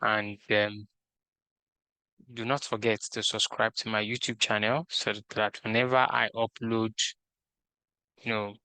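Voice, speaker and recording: A man's voice: on the low side, level tone, sharp tone, clean tone, no echo. A man leading a screen-recorded coding tutorial, methodically reading out each task and talking through his steps. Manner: slow, methodical, reads task instructions aloud.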